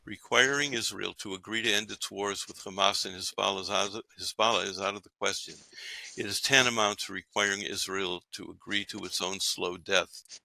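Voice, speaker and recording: A man's voice: fairly low pitch, fairly even intonation, a little fast, creaky, sharp tone, no echo, poor audio. A man hosting a podcast, reading his own scripted commentary in an emphatic, declamatory way. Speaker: podcast host. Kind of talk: read-aloud scripted commentary.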